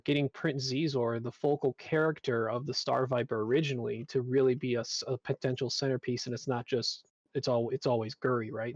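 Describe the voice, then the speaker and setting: A man's voice: mid-range voice, no room sound. Man on a dull lo-fi mic. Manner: rambling, many fillers. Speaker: game designer on a panel. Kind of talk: casual panel talk.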